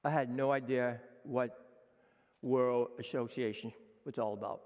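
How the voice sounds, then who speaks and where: A man in his sixties, a chef giving an energetic, emphatic conference talk, acting out quoted dialogue. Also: mid-range voice, unhurried. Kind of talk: conference speech. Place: conference hall with a seated audience. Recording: long hall reverb.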